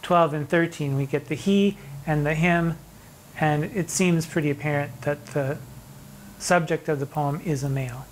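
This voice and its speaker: A middle-aged drag performer giving a theatrical, mock-indignant commentary on sonnets, reading the verse slowly between asides. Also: mid-range voice, very noisy. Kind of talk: animated poetry commentary.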